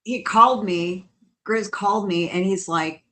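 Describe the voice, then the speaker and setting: A woman co-hosting a casual podcast, chatty and quick to laugh as she tells stories. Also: medium pitch. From New Orleans. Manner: chatty, laughs often, quotes others in lively bursts. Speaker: co-host.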